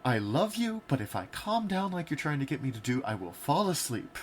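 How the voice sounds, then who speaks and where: A man's voice: fairly high pitch, big pitch swings, a little fast, slight background noise. Laid-back man telling stories on a podcast. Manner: candid, storytelling, laid-back. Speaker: podcast co-host. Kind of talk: casual podcast discussion.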